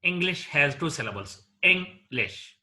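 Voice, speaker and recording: A man lecturing on English word stress at a very unhurried pace, with a slightly high voice. He spells things out carefully and repeats example words one after another, like a teacher drilling a class. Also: animated, pushed and bright. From India.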